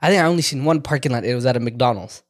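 A man's voice: mid-range voice, rapid-fire, no echo. Dry-sounding casual male podcast co-host. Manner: loose, joking, swears by God. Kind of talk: casual chat.

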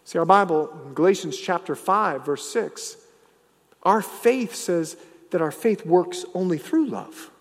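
A male pastor preaching a sermon, swinging from loud, emphatic lines to hushed, low ones. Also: animated, measured pace, in a large hall.

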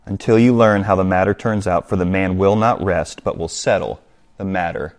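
A deep-voiced pastor preaches at a normal speed with a steady tone. He reads scripture to his congregation and explains it through direct appeals to them.

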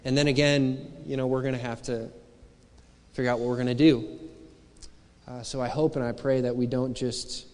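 A man's voice: medium pitch, steady tone, normal speed, pauses often, a little mellow. A man preaching a sermon as pastor, talking in a conversational, searching way full of rhetorical questions. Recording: long hall reverb.

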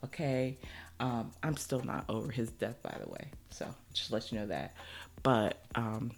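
A woman in her thirties hosting a podcast, chatting casually and excitedly, laughing often as she gives listener shout-outs. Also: rumbling low, measured pace, creaky. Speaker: podcast host. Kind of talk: casual solo podcast chat.

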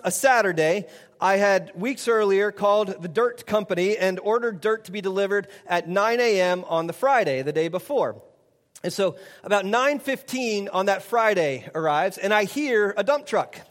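A middle-aged man with a notably high voice delivers a sermon, chuckling as he recounts a story and playing out its dialogue. His words carry a long reverb, as if spoken from a church stage. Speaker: pastor.

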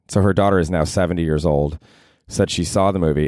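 Low-voiced male podcast host, profane and rambling, dry close sound. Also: a little fast, a little mellow, no room sound. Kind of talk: casual solo podcast monologue. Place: his apartment at night.

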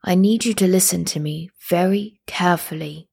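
A woman voicing the calm, kindly spirit of an old grandfather in a storybook reading, speaking softly and slowly. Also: lowish voice, gravelly, breathy edge. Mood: gentle.

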